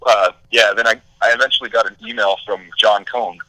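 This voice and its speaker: A man's voice: lowish voice, steady tone, a little fast, sharp tone, no echo, low-quality recording. A young man, a wrestler answering podcast interview questions in an easygoing way, full of "uh" and "you know". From Texas. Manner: easygoing, filler-heavy with many "uh" and "you know". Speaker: guest, independent wrestler.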